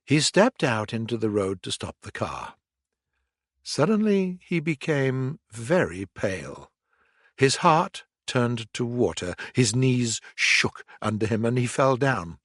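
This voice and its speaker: A man narrating a storybook audiobook slowly and deliberately for learners. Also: medium pitch, very animated, a bit bright, no echo, studio quality. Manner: slow, deliberate reading for learners.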